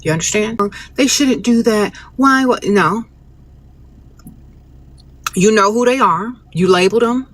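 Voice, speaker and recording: A woman's voice: a little high, a little slow, long pauses. A woman hosting a casual livestream, giving blunt, sassy relationship advice in a lecturing tone.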